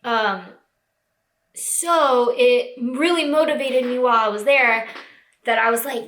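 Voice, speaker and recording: Tearful young woman, bright echoey voice. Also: medium pitch, steady tone, unhurried. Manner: tearful, lots of "like" fillers. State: crying. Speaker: vlogger. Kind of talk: emotional personal vlog. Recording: echoey room.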